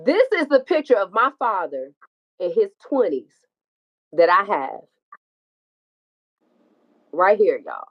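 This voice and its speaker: A woman's voice: medium pitch, very animated, takes it slowly, long pauses, muffled recording. A woman telling an emotional personal story, acting out dialogue and swearing freely. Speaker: guest telling her story.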